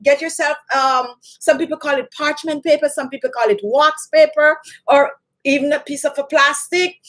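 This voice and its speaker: A high-voiced woman talks to camera as a beauty channel host. She explains home remedies in a chatty, instructive way, repeating her points and greeting viewers by name. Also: a bit bright. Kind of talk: casual talk to camera.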